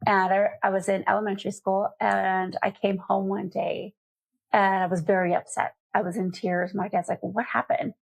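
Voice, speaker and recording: A gravelly-voiced middle-aged woman from Colorado, USA, tells stories at medium pitch and normal speed. As an interview guest and nonprofit foundation CEO, she offers candid, lively anecdotes punctuated by laughter.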